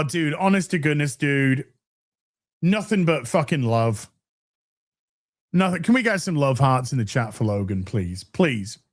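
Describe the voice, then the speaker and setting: A man hosting a casual live stream, reading super chats and answering with profane, animated banter. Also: on the high side. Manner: animated, profane, warm toward chat.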